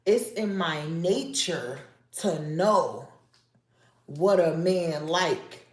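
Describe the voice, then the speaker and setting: A woman hosts a casual livestream, speaking slowly in a lowish voice and repeating her points as she chats with viewers. She is nosy and confiding. Her voice rings in an echoey room over faint background noise. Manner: slow, repetitive, confiding and nosy. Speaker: livestream host.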